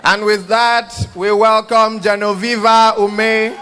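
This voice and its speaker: Guy emceeing an awards thing, slow and formal, pretty high voice, crowd faintly behind. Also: a bit bright, soft background music. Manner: formal, announcing and calling for applause. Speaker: master of ceremonies. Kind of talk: event hosting.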